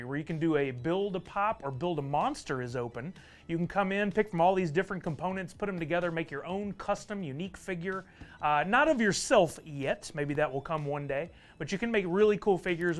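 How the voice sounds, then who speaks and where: A man hosts a live stream with easy, upbeat chatter, calling out viewers by name. His voice sits high for a man. Faint music plays underneath. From Texas. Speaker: livestream host.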